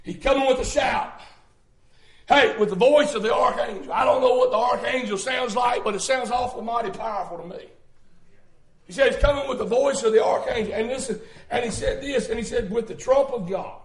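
A man's voice: very high voice, fairly quick. Fervent preacher man, echoing hall. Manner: fervent, shouting bursts, rhythmic repetition. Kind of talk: sermon.

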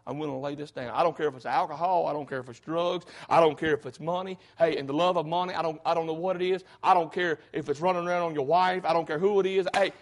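Man, preacher, high voice, fervent folksy sermon, keeps saying hey. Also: steady tone, fast talker, few pauses.

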